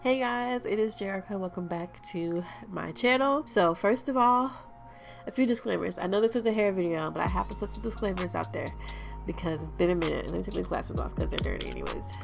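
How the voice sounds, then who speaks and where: A woman's voice: mid-range voice, very animated, fairly quick, vocal fry, loud music behind the voice. A young woman vlogging a hair tutorial at home, sounding stuffy-nosed and out of breath, chatting casually and apologetically with viewers. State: out of breath, congested.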